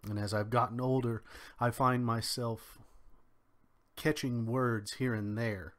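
Slow-talking man with a faint Kentucky twang. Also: mid-range voice, steady tone, fairly bright tone. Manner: measured, drawn-out delivery with pauses. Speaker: commentary podcaster. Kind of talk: solo spoken commentary.

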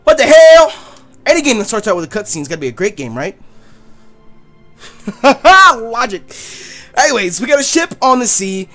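A young adult host narrating a let's play, loud and hyped, swearing often over the game. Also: mid-range voice, very animated, moderate pace, long pauses. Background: faint game music.

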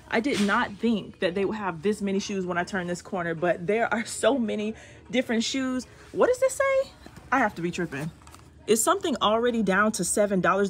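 A woman filming a shopping vlog inside a large store on a handheld phone, gushing and exclaiming over bargains. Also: mid-range voice. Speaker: couponing vlogger.

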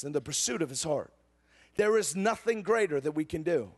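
A young adult man preaching a sermon, telling a personal story with emotional swings from excited to hushed. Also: a little high, normal speed, breathy edge.

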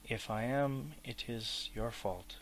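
A fussy, touchy elderly hobbit, put on by a man reading an audiobook, pitched up and excitable, sliding into sharp whispers. He talks slowly over a faint background hiss. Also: close to an everyday voice. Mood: possessive.

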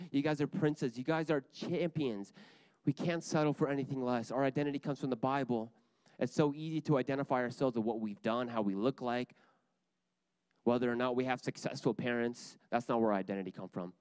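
A man's voice: mid-range voice, darkish tone, no room sound. Young guy preaching to a church group, earnest, says things twice, dry close sound. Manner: earnest, repeats key lines for emphasis. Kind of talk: sermon.

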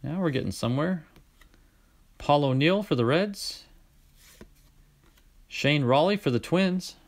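A man hosting a casual card-opening video, reading out player names in a chatty way, with sudden bursts of excitement. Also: on the high side, slow pace. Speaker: card-collecting channel host.

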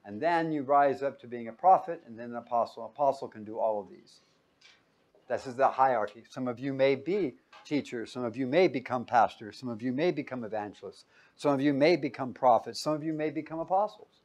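A man preaching a Bible-teaching sermon, reading verses loudly and pausing for his listeners to call out the missing word. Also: medium pitch. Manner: quizzing listeners with fill-in-the-blank questions; emphatic, loud when reading scripture aloud.

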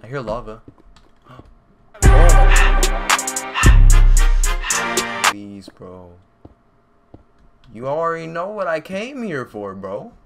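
A young man giving casual, excitable gameplay commentary at home, full of slang, talking to himself and his viewers. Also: medium pitch, a little slow, long pauses, loud music behind the voice. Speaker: gaming YouTuber. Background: computer fan noise and keyboard clicks.

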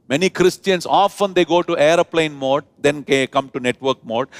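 A man's voice: a little high, no room sound. A male pastor preaching a sermon in a church, stretching key words and calling the congregation to repeat after him. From India. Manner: preaching with drawn-out emphasis and call-and-response.

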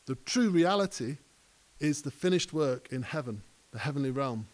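A man's voice: medium pitch, expressive, normal speed. A male pastor preaching a conversational sermon that rises to emphatic peaks. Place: church hall.

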